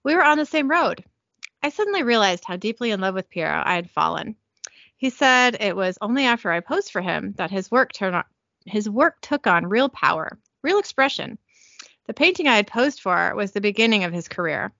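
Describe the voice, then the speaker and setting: A woman's voice: mid-range voice, big pitch swings, brisk, gravelly, fairly bright tone, dry recording, highs cut off. A woman voicing a lovelorn young woman who speaks in an earnest, reflective way. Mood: wistful.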